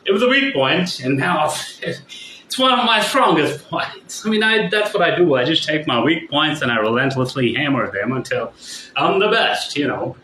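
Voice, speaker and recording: A man's voice: on the high side, very animated, moderate pace, sharp tone, slight background noise. Rambling, profane man ranting in an echoey room. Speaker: vlogger. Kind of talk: casual vlog rant.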